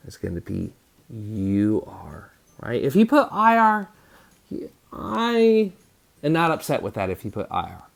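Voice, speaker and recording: A man teaching a phonics spelling lesson to children, sounding out words slowly and patiently and over-enunciating each syllable. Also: mid-range voice, wildly swooping pitch, creaky.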